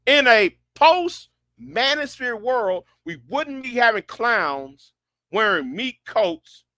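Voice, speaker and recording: Sarcastic man ranting, bright voice. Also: very high voice, very animated, slow pace, dry recording. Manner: sarcastic, incredulous, repeats himself. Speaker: online commentator. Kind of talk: ranting commentary.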